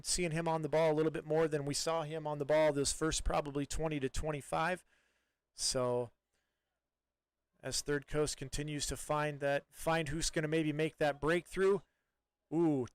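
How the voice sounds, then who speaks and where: Chatty male soccer commentator, crisp dry voice. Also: a little high, dry recording. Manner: relaxed, chatty, many fillers and restarts. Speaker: play-by-play commentator.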